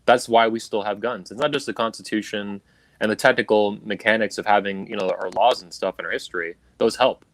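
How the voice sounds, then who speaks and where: A man's voice: fairly low pitch, steady tone, brisk, a bit bright, dry recording. A man hosting a livestream, delivering a heated, profane political rant in an angry, emphatic way over a video call. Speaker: livestream host. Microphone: video call stream.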